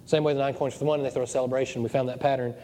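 Fast-talking man preaching in a reverberant hall. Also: medium pitch, fairly even intonation, warm tone, a little hiss or hum. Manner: digressive and joking. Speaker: pastor. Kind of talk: sermon. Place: church hall. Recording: long church reverb.

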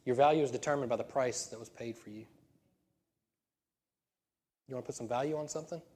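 A man's voice: medium pitch, brisk, a little mellow. A man who is a senior pastor, preaching a conversational sermon that builds to emphatic peaks. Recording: long hall reverb.

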